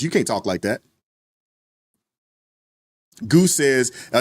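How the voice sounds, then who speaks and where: A man's voice: fairly high pitch, expressive, very slow, long pauses, no room sound, studio quality. A man hosting a casual livestream, reading viewer super chats in a laid-back, joking way with bursts of mock-outraged sarcasm. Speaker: livestream commentary host.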